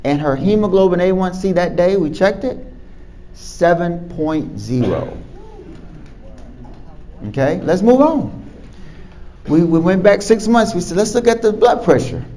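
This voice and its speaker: A man who is a doctor, telling a patient story to camera in an animated way, chuckling and repeating words as he goes. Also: high-pitched, unhurried, long pauses, a little hiss or hum, rough recording. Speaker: physician.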